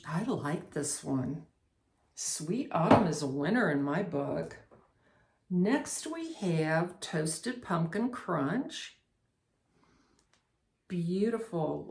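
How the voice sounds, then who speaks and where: Middle-aged woman, lowish voice, casual candle review, chatty and unhurried, lingering on each scent. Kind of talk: casual product review and storytelling.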